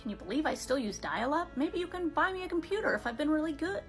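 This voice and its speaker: A woman voicing a ditzy, childlike young woman who plays dumb, in a high babyish sing-song. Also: big pitch swings, quick pace, faint music behind. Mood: gushing, babyish.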